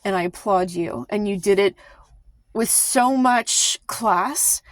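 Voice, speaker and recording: A woman talks straight to her viewers in a heated, emphatic vlog rant. She sighs, trips over her words and restarts, with her voice at a medium pitch. The sound is dry and close, with no room echo. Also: slow pace. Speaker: vlogger. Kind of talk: impassioned casual commentary to camera.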